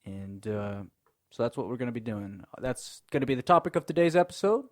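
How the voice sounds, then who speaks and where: A man's voice: mid-range voice, lively intonation, a little fast, no room sound, studio quality. A young man hosting a casual podcast chat, loose and rambling, laughing often and cursing casually. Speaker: podcast host. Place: small room with co-hosts in person.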